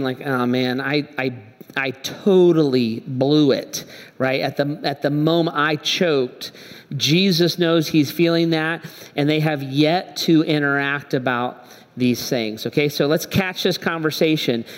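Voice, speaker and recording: A male pastor preaching a sermon in a church, telling the story conversationally and acting out the dialogue. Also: on the high side. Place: church hall. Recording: echoey hall.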